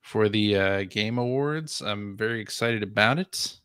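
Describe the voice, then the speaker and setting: A man's voice: fairly low pitch, measured pace, fairly bright tone, clear, resonant tone, no room sound, clean studio sound. A man co-hosting a podcast in casual chat, upbeat and laughing often. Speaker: podcast co-host.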